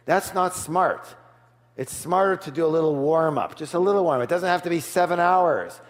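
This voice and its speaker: A man's voice: fairly high pitch, brisk. Middle-aged man teaching a seminar. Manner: energetic, chatty, keeps asking the audience "yes or yes?". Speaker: seminar speaker. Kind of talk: motivational business seminar. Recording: long hall reverb.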